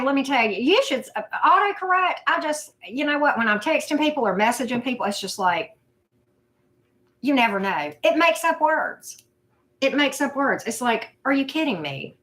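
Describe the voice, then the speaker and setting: A chatty woman in her fifties with a drawl hosts a loose livestream chat. She greets viewers one by one in a voice pitched a little high. She talks in a scattered, easygoing way and pokes fun at herself. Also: fairly bright tone. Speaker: livestream host. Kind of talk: casual live chat.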